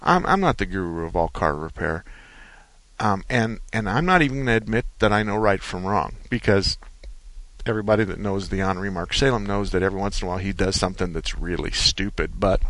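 Dry-voiced folksy radio host. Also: male voice, sits low, a little fast, a bit bright, dry recording. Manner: folksy storyteller, chuckling, joking asides. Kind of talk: call-in radio talk.

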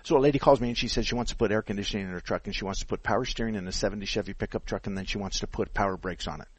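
A man's voice: fairly low pitch, racing, slightly rough, no echo. A man in his sixties hosting a call-in radio show, telling stories in casual chat, laughing often and acting out the people he quotes.

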